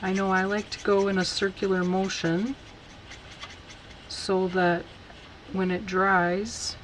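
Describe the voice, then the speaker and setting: A woman teaching a casual stamping tutorial, chatty and unhurried as she talks while working. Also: mid-range voice, flat delivery, slight background noise, poor audio. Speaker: card-making instructor.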